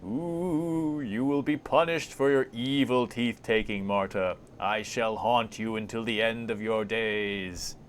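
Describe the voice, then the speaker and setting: A man's voice: on the low side, fairly even intonation, takes it slowly, hardly any pauses, slight background noise. A man voicing a corpse that threatens to haunt someone, then begs for mercy in a theatrical wail. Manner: pleading, theatrical wailing. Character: whining, wailing haunting corpse voice.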